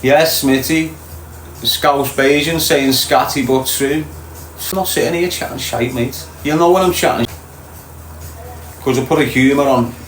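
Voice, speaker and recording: A man's voice: medium pitch, fairly even intonation, measured pace, long pauses, a little hiss or hum. Echoey Liverpool man chatting live. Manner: blunt, swearing, chatty with viewers. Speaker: livestream host. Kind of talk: casual live chat reading comments. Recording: echoey room, faint ambience.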